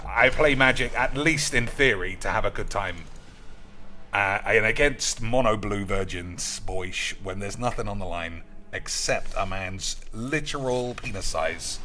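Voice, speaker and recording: A man's voice: on the low side, sharp tone, slight background noise. A man giving crude, ranting, mock-boastful commentary over his own gameplay. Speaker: gaming streamer.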